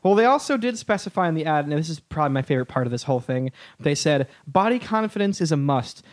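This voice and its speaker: A man hosting a loose podcast conversation with a slightly high voice. He laughs a lot and swears casually. The sound is dry and close, with no room in it. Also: sing-song, very fast, dry recording. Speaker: podcast host.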